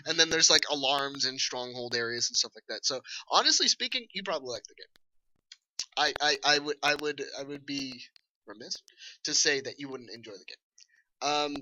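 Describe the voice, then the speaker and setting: A man casually reviewing a video game with a co-host, animated, laughing and swearing as he talks. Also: mid-range voice, moderate pace, a little hiss or hum, low-quality recording. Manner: animated, swearing, laughing, acts out enemy shouts.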